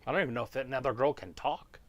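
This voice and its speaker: A man chatting casually during a watch-along stream and offering firm opinions in a relaxed tone. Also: medium pitch, very fast.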